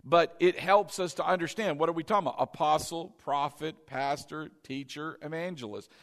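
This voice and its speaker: High-voiced preacher in an echoey hall. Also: male voice, normal speed, a bit bright. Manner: emphatic, repeats key lines, quizzes the congregation. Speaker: pastor. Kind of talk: sermon. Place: church sanctuary.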